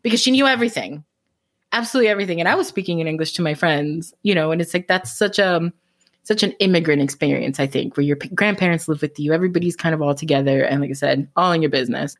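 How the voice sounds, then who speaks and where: A woman with a Miami accent talks quickly and animatedly as an author guest in a casual interview. Her voice sits a little low, and she laughs easily between thoughts. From Miami, Florida. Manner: fast-talking, animated, laughs often.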